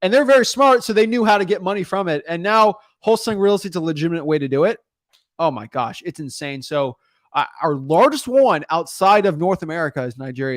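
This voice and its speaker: A man hosting a podcast in casual chat, energetic and emphatic, rambling with frequent restarts. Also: a little high, no room sound, clean studio sound. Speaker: podcast host.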